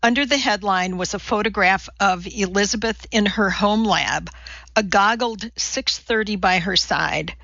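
Slow, bright-toned woman narrating a novel. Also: mid-range voice, dry recording, lo-fi sound. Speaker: audiobook narrator.

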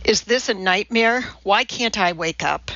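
Woman voicing a hoarse, frantic male producer. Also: mid-range voice, measured pace, sharp tone, no room sound. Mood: exasperated. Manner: gasping, strained and pleading. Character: anxious harried male TV producer. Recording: dull lo-fi dry audiobook recording.

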